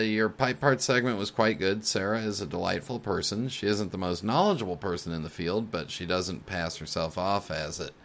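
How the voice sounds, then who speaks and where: Male podcast host, deep voice, relaxed letter-reading delivery with frequent chuckles. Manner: reads listener letters aloud, chuckling often; many filler uhs. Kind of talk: casual podcast talk.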